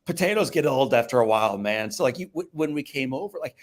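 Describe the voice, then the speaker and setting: With a mid-range voice and a quick pace, a male guest speaker from the Midwest tells a personal story in a lively way. He alternates between loud outbursts and soft, hushed passages.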